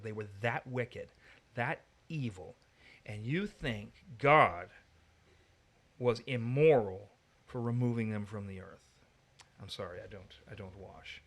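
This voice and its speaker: A man's voice: fairly low pitch, slow pace, pauses often, a bit bright. Emphatic man teaching on scripture. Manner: emphatic, argumentative. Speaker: Bible teacher. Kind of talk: teaching discussion.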